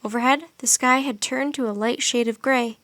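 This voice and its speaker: A woman with a fairly high voice reads a children's adventure story aloud. Her storytelling is expressive and steady. The recording is close and dry, as in a studio. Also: moderate pace, no room sound. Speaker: narrator. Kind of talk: audiobook narration.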